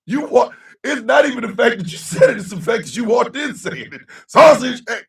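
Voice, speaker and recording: A man hosting a casual live-stream show, loud and laughing, heavy on slang. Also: extremely high pitch, sing-song, brisk, vocal fry, far from the mic. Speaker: host. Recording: echoey room, a bit off-mic.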